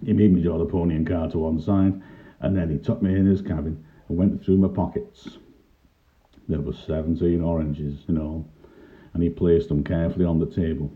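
A man's voice: deep voice, fairly even intonation, moderate pace. An older man, telling a childhood story in a wry, dry-humoured first-person way. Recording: tinny lo-fi narrow-band recording.

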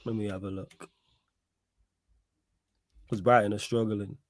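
A man's voice: lowish voice, steady tone, measured pace, no echo, studio quality. A man hosting a casual football podcast, talking in an emphatic, opinionated way and repeating his points. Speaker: podcast host. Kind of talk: casual football chat with live chat readout.

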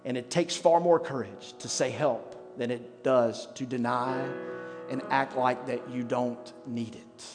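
A middle-aged pastor delivers a sermon in a conversational, self-mocking way, leaning on dramatic pauses. His voice sits in an ordinary middle pitch and rings out through a long church-hall reverb, with soft instrumental music underneath. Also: fairly even intonation. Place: church sanctuary.

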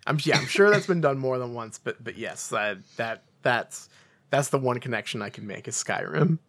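A man at a moderate, everyday pitch, hosting a casual podcast chat. He talks in an amused way and often stops and restarts his sentences. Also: animated, normal speed, a bit bright. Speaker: podcast host.

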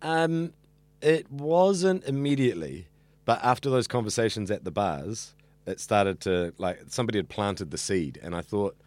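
A young man with a very low voice talks in a casual interview. He is earnest and rambles, full of ums and restarts. The sound is close and dry. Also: animated, moderate pace, darkish tone, dry recording. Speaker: radio student and evening radio host.

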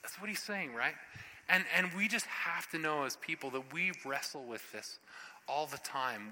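A man preaches in an animated, conversational style. His bright, forceful voice carries through a large church hall with long reverb. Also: mid-range voice, slight background noise. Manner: animated, conversational, acts out scripture scenes. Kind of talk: sermon.

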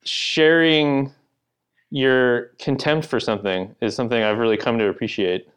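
A man's voice: mid-range voice, steady tone, normal speed. A man, the author guest on a podcast, talking in a thoughtful and hesitant way with many fillers. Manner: thoughtful, hesitant, laughs easily. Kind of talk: casual podcast chat.

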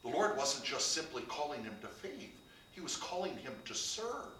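A man's voice: mid-range voice, big pitch swings, moderate pace, pushed and bright, a little hiss or hum. A man preaching a sermon, building to emphatic, rising passages. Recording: echoey room, heard from a distance.

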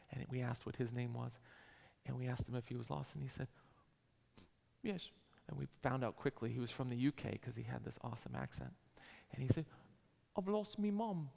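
Man, gravelly, 40s, pastor, emphatic sermon, long church reverb. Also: mid-range voice, darkish tone. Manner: emphatic, repetitive preaching cadence.

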